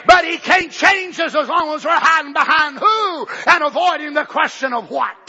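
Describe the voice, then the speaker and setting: A male preacher, shouting a fiery revival sermon to a church service and acting out the voices he quotes. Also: extremely high pitch, normal speed, a faint crowd. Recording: dull lo-fi church tape.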